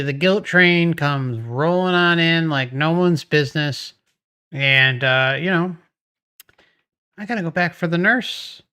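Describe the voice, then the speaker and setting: In a video commentary, a man hosting a channel muses conversationally over testimonials, dropping in sarcastic asides. His voice is a little high, sharp, and clean.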